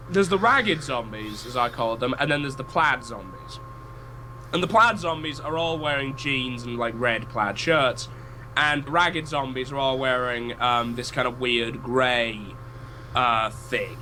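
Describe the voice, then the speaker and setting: Lively-voiced young Teesside man, wry explainer. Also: medium pitch, a little hiss or hum. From northeast England. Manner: wry, explanatory, filler-heavy. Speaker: podcast co-host. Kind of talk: casual chat.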